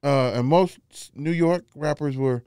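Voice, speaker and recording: A man co-hosting a casual podcast chat, rambling and halting with many fillers. His voice is smooth and resonant at an ordinary middle pitch. It was recorded in a dry room with no echo. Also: dark tone. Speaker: podcast co-host.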